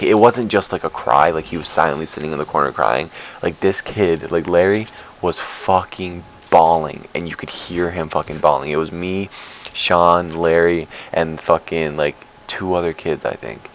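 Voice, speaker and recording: Young male vlogger, low creaky voice, loose and profane, fillers everywhere. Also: slight background noise, poor audio. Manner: rambling, profane, lots of fillers. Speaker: storyteller vlogger. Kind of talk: casual storytime.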